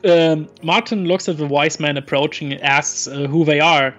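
Male co-host, slightly high voice, excitable and giggly, faint music bed. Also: normal speed, muffled recording. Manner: enthusiastic, laughs often, puts on voices for quotes. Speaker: podcast co-host recapping a sitcom episode. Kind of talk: casual chat.

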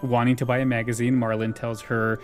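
A man talks casually, recapping a sitcom episode with frequent laughter in his voice. His pitch sits in an ordinary middle range. Faint music plays under the conversation. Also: flat delivery, fairly quick. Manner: laughs often while retelling scenes. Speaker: podcast host recapping a sitcom. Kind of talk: casual chat.

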